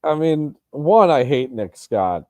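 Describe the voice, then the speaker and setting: Mellow-voiced man in casual sports chat. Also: mid-range voice, very animated, slow, no echo. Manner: hesitant, lots of restarts and ums. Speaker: podcast co-host.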